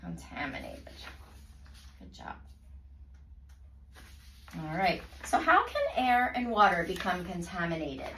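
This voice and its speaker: A woman tutor coaching a student through a reading lesson, with a lively, swinging pitch and frequent warm praise. She breaks words into slow, carefully spaced syllables. The sound is roomy and picked up from some distance, with faint background noise. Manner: encouraging, praising often; slow, clearly segmented word pronunciation.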